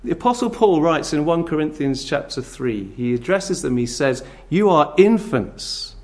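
A man preaching a sermon in a conversational, animated way, full of rhetorical questions. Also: fairly high pitch, moderate pace.

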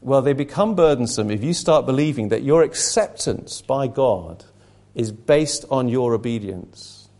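A man's voice: medium pitch, animated, measured pace, warm tone. An earnest man preaches to a small gathering in an easy, conversational way. He often stumbles and restarts mid-sentence, telling stories to make his point. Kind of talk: sermon to a small group.

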